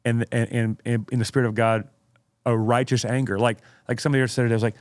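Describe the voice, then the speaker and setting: A man's voice: medium pitch, little pitch movement, no echo. A pastor in casual podcast talk, his man's voice sitting in a middle register with a fervent, emphatic delivery. The sound is dry and close, with no room around it. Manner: emphatic, fervent, reads quotes with dramatic slowing.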